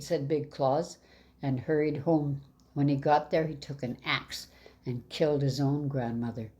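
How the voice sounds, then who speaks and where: Low-pitched lady reading an old fairy tale, steady pace. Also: unhurried. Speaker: storyteller.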